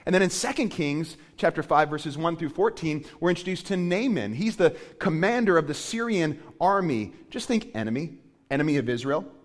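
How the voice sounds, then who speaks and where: Man, pastor, sermon, lively, fairly high voice, storytelling. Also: normal speed. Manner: animated storytelling, acting out quotes.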